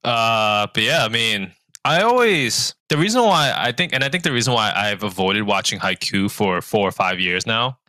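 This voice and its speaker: A man in casual podcast chat from a remote call, earnest and halting, with many restarts. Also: on the low side, expressive, pushed and bright, no room sound. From New York. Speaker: podcast co-host.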